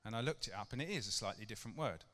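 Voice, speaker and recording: A man's voice: fairly low pitch, expressive, very fast, fairly bright tone. A middle-aged man preaching a casual sermon to his church, chatty and conversational, with rhetorical questions to the congregation. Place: church hall. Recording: long reverb of a church hall.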